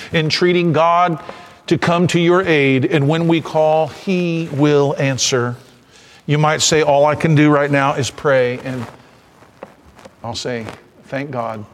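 A man preaching with fervor, his somewhat high voice climbing and bursting into shouts. His words trail off into the long reverb of a large church hall. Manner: impassioned preaching that swells to shouts. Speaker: pastor. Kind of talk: sermon.

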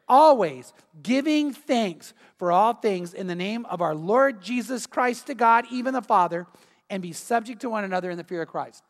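Pastor, earnest conversational sermon, mid-pitched voice with a long hall echo. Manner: earnest, conversational preaching with rhetorical questions.

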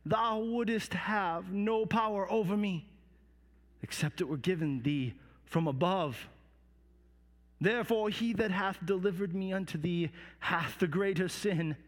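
A man voicing a calm condemned prisoner who speaks slowly and evenly. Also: high-pitched, in a large hall. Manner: calm, slow, measured.

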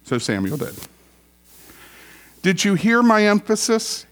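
A man's voice: sits high, big pitch swings, slow pace, a bit bright. A male pastor preaching a sermon in a conversational, storytelling way, repeating key phrases for emphasis.

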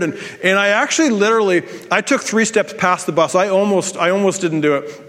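High-voiced pastor in a reverberant hall. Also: male voice, brisk, fairly bright tone. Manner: storytelling with self-deprecating humor and restarts. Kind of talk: sermon with personal story.

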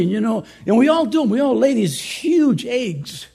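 A male pastor preaching a conference sermon to fellow pastors, swinging between loud urging and soft earnest asides, with joking conversational remarks. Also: very high-pitched, big pitch swings, normal speed, gravelly, few pauses, breathy edge.

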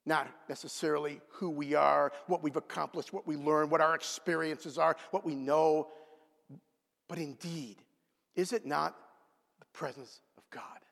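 A man preaching a sermon, swinging between loud outbursts and hushed, quiet asides. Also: fairly high pitch, fairly even intonation, a little slow, vocal fry. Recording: long hall reverb.

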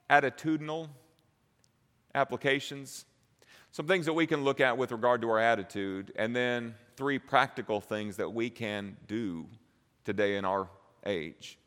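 Man preaching in a reverberant hall. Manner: dynamic, swings from low and slow to loud and high. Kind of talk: sermon.

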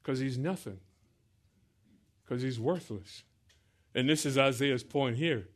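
A man preaching a sermon, reading scripture aloud and explaining it verse by verse, swinging between loud emphatic pleading and soft, low explanation. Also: slow. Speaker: pastor.

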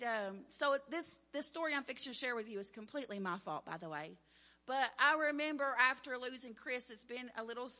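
A woman's voice: on the high side, sharp tone. A woman preaching a sermon, telling a personal story in an earnest and emphatic way. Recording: long reverb of a hall.

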